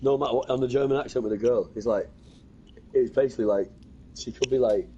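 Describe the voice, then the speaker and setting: A man's voice: mid-range voice, fast talker, dark tone, highs cut off, a little hiss or hum. A man bantering crudely on a gaming stream, swearing and mumbling. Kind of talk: casual banter.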